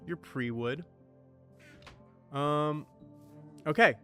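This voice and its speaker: A man with a bright, forward voice rambles casually through a let's-play, swearing now and then and chatting to the items he is sorting. Soft music plays faintly behind him. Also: on the high side, very animated, measured pace, long pauses. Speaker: gaming streamer.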